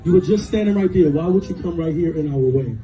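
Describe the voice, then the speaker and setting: A man performing outdoors, repeatedly pleading and sometimes shouting for someone to leave. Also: on the high side, fast talker, low-quality recording. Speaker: street performer. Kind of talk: outdoor confrontation. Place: outdoors in a crowd. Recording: loud crowd and street noise.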